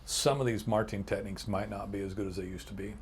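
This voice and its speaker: Brief: podcast host, man, lowish voice, blunt and emphatic. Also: steady tone, quick pace, a little hiss or hum. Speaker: podcast host and agency owner. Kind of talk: casual business chat.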